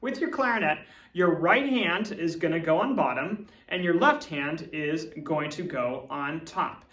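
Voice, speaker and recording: A man's voice: fairly high pitch, lively intonation, measured pace, fairly bright tone, recorded from a distance. A man, a music teacher, explaining step by step in an instructional video lesson. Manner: clear step-by-step demonstrating. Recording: roomy echo, from off-mic.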